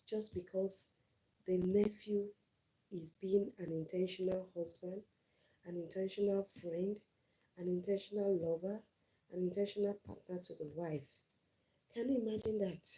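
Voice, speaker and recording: Middle-aged woman chatting on her first live stream, earnest, repeats herself a lot, low pitch, really mellow dark tone. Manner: earnest, repeats phrases for emphasis. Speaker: channel host on her first livestream. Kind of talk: casual storytelling and advice.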